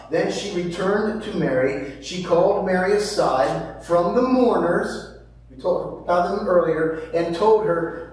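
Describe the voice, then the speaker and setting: A male pastor preaching a sermon and reading scripture, emphatic and quick to drop into hushed asides, asking rhetorical questions. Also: high voice. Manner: emphatic, swings between loud stresses and hushed asides. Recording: very echoey hall from far off.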